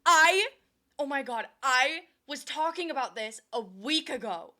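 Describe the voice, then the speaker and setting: A woman's voice: high voice, noisy background. A woman streamer chatting casually as she reacts to and comments on clips. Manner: bursts into excited fast talk.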